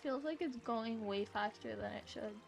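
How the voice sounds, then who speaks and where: A woman's voice: fairly high pitch, normal speed, creaky, faint music behind. An American woman talking casually and rambling while she streams a game, swearing now and then. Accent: neutral American with some British-sounding words. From United States. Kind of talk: casual gaming stream chat.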